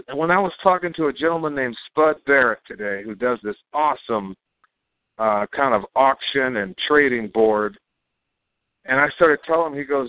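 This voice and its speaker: A man's voice: medium pitch, expressive, moderate pace, no echo. Chatty laughing man on a tinny line. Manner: chatty, laughing, rambling with fillers. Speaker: co-host and company chairman. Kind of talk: casual live call broadcast. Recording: tinny phone-like dry sound.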